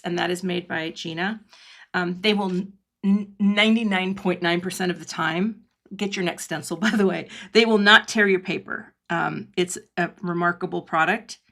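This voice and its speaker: A woman's voice: fairly low pitch, fairly even intonation, normal speed, vocal fry, a bit bright. Chatty woman teaching a craft class live. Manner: chatty, laughs often, drops to a whisper when concentrating. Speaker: cardmaking instructor. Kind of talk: live online craft demonstration.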